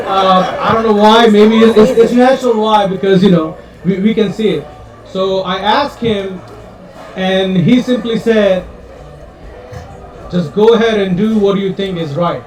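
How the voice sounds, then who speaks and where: A man gives a heartfelt speech at a retirement party, halting and restarting as he jokes. His voice sits fairly high. He is heard from a distance in an echoey room. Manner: halting, full of restarts, joking and emotional. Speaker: guest speaker. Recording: roomy hall, mic at a distance.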